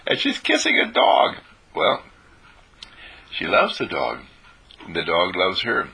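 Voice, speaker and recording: Gravelly, raspy man telling gentle stories. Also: deep voice, wildly swooping pitch, slow pace. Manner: storytelling, repeats phrases for emphasis, clears throat often. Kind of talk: informal spiritual talk.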